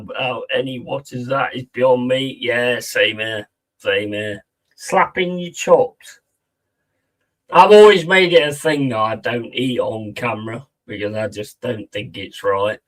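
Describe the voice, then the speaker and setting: A man's voice: mid-range voice, rough recording. A man chatting casually on a live stream, rambling, mocking and swearing a lot.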